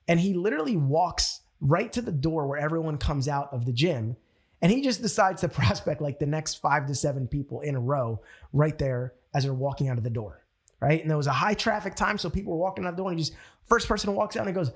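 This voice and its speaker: Male sales trainer, husky voice, slightly high, animated storyteller. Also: fairly quick. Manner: animated storytelling, acts out quotes. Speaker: network marketing trainer. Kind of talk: motivational training talk.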